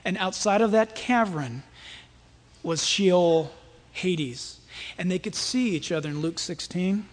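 A man preaching a sermon and leading prayer, talking emphatically and swinging between loud and soft. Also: sits high, slow pace. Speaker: pastor.

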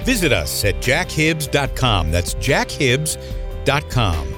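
A man reading a scripted radio announcement in a smooth, promotional delivery. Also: medium pitch, very animated, slow pace, music in the background.

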